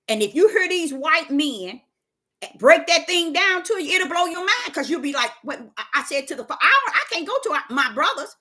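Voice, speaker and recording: A woman, talking in a casual spiritual monologue, preachy, with sudden high exclaims and low quoted voices. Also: sing-song, normal speed, pushed and bright. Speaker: host.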